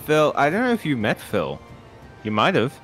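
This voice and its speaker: Mid-twenties male gamer, deadpan and teasing, explains controls over game music. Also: mid-range voice, normal speed. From South Africa. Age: 20s. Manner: dry, teasing, gives game tips. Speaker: guest co-player. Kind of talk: casual live gaming banter.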